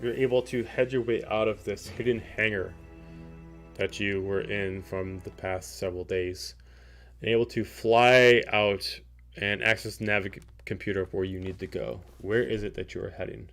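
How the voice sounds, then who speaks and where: A man's voice: fairly low pitch, fairly even intonation, normal speed, a bit bright, soft background music. A man narrating as game master in a tabletop role-playing game, plain and matter-of-fact.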